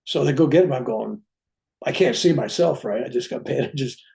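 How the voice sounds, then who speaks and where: A man, a reverend, telling a personal story in an animated way, acting out the people he quotes. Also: medium pitch, a little fast, vocal fry. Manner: animated retelling, acting out quoted voices, chuckling asides. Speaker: reverend sharing a spiritual experience.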